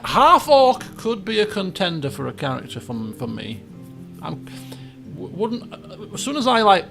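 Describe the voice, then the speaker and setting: A chatty young man streaming a video game, thinking out loud and cracking jokes as he goes. His voice sits high and bounces all over with a gravelly rasp, and faint music plays behind him. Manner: chatty, musing aloud, jokey. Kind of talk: casual stream commentary.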